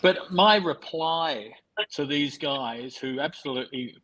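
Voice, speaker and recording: A man's voice: fairly high pitch, slow pace, crowd noise, poor audio. A man with an Australian accent, a wry guest chatting on a video call. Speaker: panel guest. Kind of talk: casual chat.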